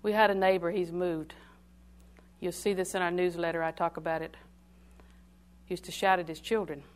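Older woman preacher with sermon cadence, swinging between loud declarations and near-whispers, call-and-response. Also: on the low side, level tone, normal speed, smooth.

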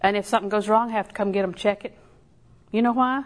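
An older woman preaching a sermon in a folksy, storytelling way, with slow emphatic repetition. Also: mid-range voice, fairly even intonation.

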